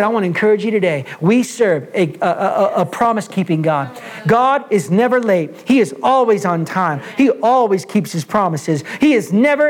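An energetic male pastor delivers a sermon in church, building his points through repetition and emphasis. His voice sits unusually high for a man, and he presses forward with urgent conviction.

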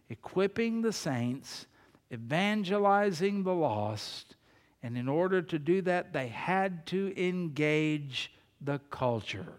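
High-voiced preacher in an echoing hall. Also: male voice. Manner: preaching with emphatic rises and quiet asides. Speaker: pastor. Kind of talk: sermon.

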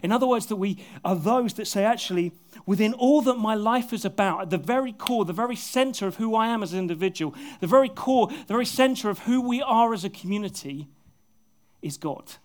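Earnest high-voiced male preacher. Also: animated, fairly quick. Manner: earnest, often dropping to soft, intimate tones; self-deprecating humor with bursts of laughter. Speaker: pastor. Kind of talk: sermon. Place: church service with a congregation.

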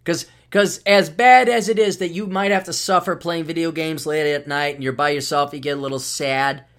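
A middle-aged man with a somewhat high voice, hosting a casual solo podcast. He rambles along sardonically, stumbling over his words and restarting his sentences often. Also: fairly even intonation, moderate pace, fairly bright tone. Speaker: podcast host.

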